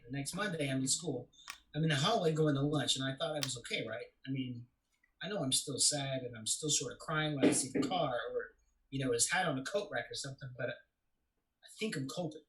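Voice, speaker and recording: A man's voice: medium pitch, natural voice, rough recording. An actor playing a young man who recounts his father's death in a confessional, storytelling way during a stage play reading. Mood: rueful. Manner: confessional storytelling, swings to loud anguish.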